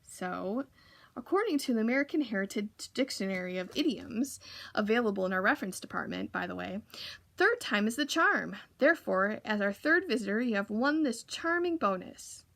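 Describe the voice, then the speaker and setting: A woman reading aloud, voicing a jolly male announcer who booms from ceiling speakers in a showy way. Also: animated, brisk, vocal fry. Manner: booming, showy. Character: jolly booming male game-show announcer.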